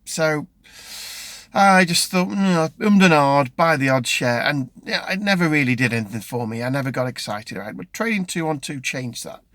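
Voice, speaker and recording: A man's voice: on the high side, lively intonation, normal speed, fairly bright tone, dry recording. Chatty middle-aged British man, dry sound. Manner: rambling, chatty, with frequent ums and restarts. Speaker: vlogger. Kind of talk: casual chat.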